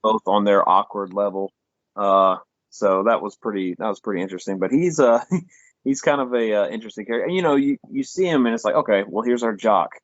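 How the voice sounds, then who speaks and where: Podcast co-host, male, low voice, loose rambling plot recap with cursing, dull dry lo-fi sound. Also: a little fast, dry recording. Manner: rambling retelling with acted-out quotes, swears freely. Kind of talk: casual film review chat.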